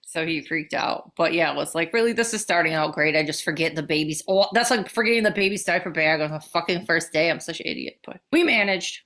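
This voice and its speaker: A woman's voice: sits low, quick pace, hardly any pauses, a bit bright. Chatty woman podcast co-host. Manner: chatty, swearing, laughing easily. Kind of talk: casual chat.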